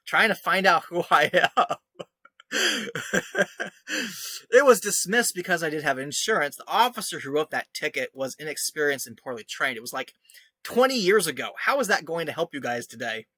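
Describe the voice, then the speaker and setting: A man's voice: fairly high pitch, sing-song, moderate pace, sharp tone, no echo. A man giving sarcastic commentary as he reads out screenshots, mocking and scornful, often laughing. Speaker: online commentator. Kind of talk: reading his own article aloud.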